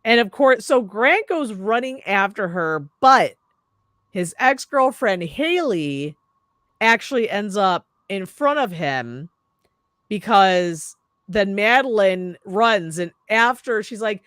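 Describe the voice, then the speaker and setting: A woman's voice: mid-range voice, slow, no echo, clean studio sound. A young adult woman hosting a horror review show, retelling a movie in casual chat with lots of swearing and quoted lines. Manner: profane, animated retelling with quoted voices.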